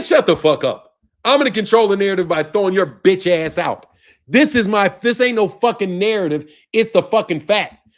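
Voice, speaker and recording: Combative American stream host, high-pitched, swears freely and answers his chat with heat. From United States. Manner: profane, combative, talks back to chat. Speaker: boxing channel host. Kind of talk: heated livestream rant reading chat.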